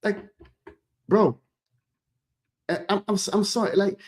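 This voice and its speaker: A man streaming a casual, animated reaction, stumbling over his words and calling his audience "bro.". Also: high voice, slow pace.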